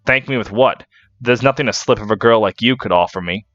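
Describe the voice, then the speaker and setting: A man's voice: lowish voice, brisk, a bit bright, no room sound, close to an everyday voice. Guy reading a drunk rude sellsword, snide and sneering, dry dull mic. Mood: mocking. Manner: dismissive and mocking. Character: rude drunken young male mercenary.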